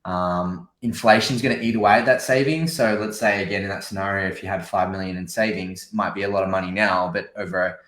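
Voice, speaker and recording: A man's voice: deep voice, fairly even intonation, fairly quick, few pauses, fairly bright tone. An Australian man co-hosting a casual podcast who explains things steadily and works through a list of points. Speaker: podcast co-host. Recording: roomy echo.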